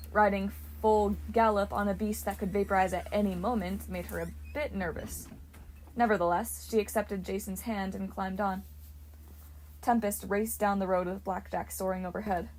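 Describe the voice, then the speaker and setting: A woman narrating a fantasy novel in an expressive storybook reading. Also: medium pitch, low-quality recording. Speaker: audiobook narrator. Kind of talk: audiobook narration.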